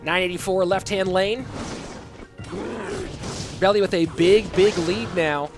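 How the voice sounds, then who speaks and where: High-voiced, lively male game caster. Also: takes it slowly. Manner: energetic, joking asides to chat. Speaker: esports caster. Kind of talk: live play-by-play commentary. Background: music.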